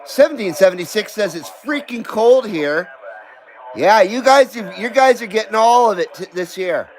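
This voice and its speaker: A man's voice: sits high, lively intonation, moderate pace, poor audio. A man hosting a live radio-hobby stream, chatting casually and swearing freely as he greets viewers by name. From Southern California. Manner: laid-back, profane, greets viewers by name. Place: home in Carson City.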